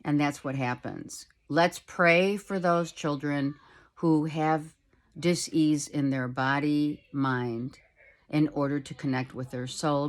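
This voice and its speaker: A middle-aged woman giving a casual tarot reading at home, talking softly and rambling, with many fillers. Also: low voice. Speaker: tarot reader. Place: home, with a child heard in the background.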